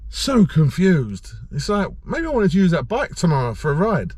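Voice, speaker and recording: A man's voice: high-pitched, big pitch swings, normal speed, a little mellow, breathy edge. A man with a Cockney accent, chatting casually in a rambling, grumbling way while vlogging about cycling. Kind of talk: casual vlog chat.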